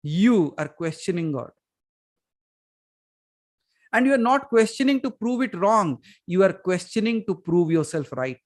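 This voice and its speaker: Male spiritual teacher, lively storyteller, a little high-pitched, plenty of rhetorical questions. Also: a little slow, long pauses. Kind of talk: Q&A session on a video call.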